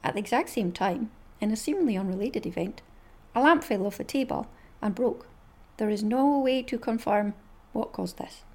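A Scottish woman voicing an earnest, affectionate pet dog in a slow, deadpan read with long pauses. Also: mid-range voice. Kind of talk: reading funny dog posts aloud.

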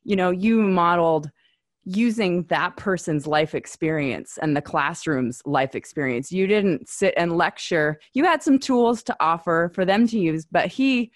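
A woman's voice: lowish voice, unhurried, no room sound, clean studio sound. A woman guest on an interview show, talking thoughtfully and with enthusiasm about teaching adults. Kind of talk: casual interview chat.

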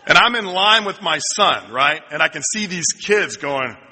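Bright-voiced pastor in a reverberant church. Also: male voice, fairly high pitch, lively intonation, normal speed. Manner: storytelling with self-deprecating humor. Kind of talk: sermon. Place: church sanctuary. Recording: long reverb in a church hall.

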